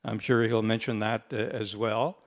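A man hosting an event, introducing the guest speaker in a relaxed way with frequent fillers. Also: lowish voice, moderate pace. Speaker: event host.

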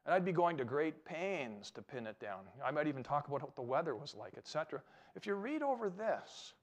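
A man with a voice pitched a little above the usual gives a lecture to a live audience as a Christian apologetics speaker. He talks in an emphatic, animated way and keeps turning to the crowd with rhetorical questions. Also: fast talker.

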